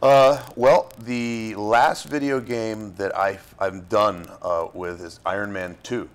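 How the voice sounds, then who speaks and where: A middle-aged actor from Florida, talking casually as an interview guest, rambling with plenty of fillers and restarts. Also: male voice, on the low side, steady tone, takes it slowly, fairly bright tone.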